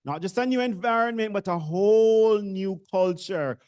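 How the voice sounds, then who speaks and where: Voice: mid-range voice, moderate pace, darkish tone, smooth. A speaker with a Jamaican accent gives a casual orientation address to new university students, joking and teasing the audience. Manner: joking, self-deprecating, chatty with the audience.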